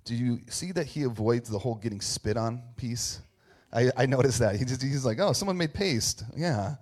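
A man's voice: mid-range voice, moderate pace, darkish tone. A man preaching a casual sermon, reading scripture aloud and commenting on it in a conversational, joking way. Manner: conversational, joking, with frequent fillers and laughs.

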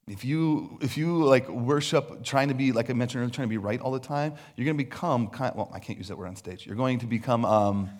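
Animated, conversational male preacher. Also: medium pitch. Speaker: pastor. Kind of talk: sermon. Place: on stage before a congregation.

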